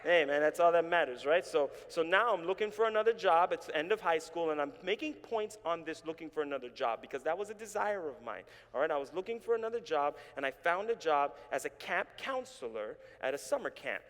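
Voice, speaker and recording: A man's voice: fairly high pitch, animated, brisk, hardly any pauses, fairly bright tone. A man from Canada preaching a sermon in a church, telling his story with animation and calling on the congregation to respond. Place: church sanctuary. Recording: reverberant church hall.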